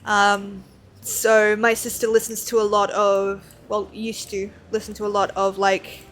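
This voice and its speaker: A woman's voice: medium pitch, completely flat delivery, unhurried, slight background noise. A woman streaming a game and chatting casually, rambling and self-deprecating, with lots of fillers. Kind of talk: casual chat while playing.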